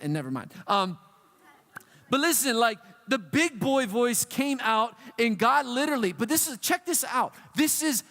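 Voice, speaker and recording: A man preaching a youth sermon in a casual, animated, slangy way. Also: extremely high pitch, moderate pace. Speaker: youth pastor. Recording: long reverb of a hall.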